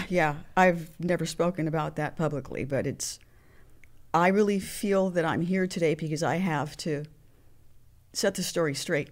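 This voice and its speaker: A woman sharing personal memories as an interview guest, speaking earnestly with frequent restarts. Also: sits low. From Mexican heritage. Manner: earnest, halting, many restarts. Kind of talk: emotional personal storytelling.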